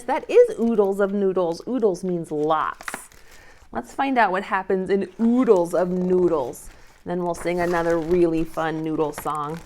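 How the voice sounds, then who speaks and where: A woman leading a toddler storytime, reading picture books and singing gently in a slow, sing-song way. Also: a little high. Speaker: children's librarian. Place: library storytime recorded on camera.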